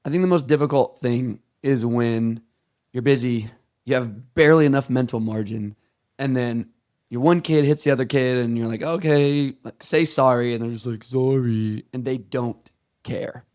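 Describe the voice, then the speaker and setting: A man co-hosting a podcast, talking in a relaxed, thoughtful way and quick to agree. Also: medium pitch. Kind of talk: casual chat.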